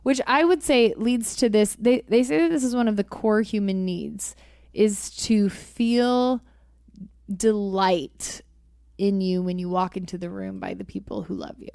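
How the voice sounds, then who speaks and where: A woman's voice: mid-range voice, unhurried, gravelly, no echo, studio quality. A woman co-hosting a relationship podcast, chatting casually with her husband and acting out playful quotes. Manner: animated, acts out playful quotes. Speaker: podcast co-host.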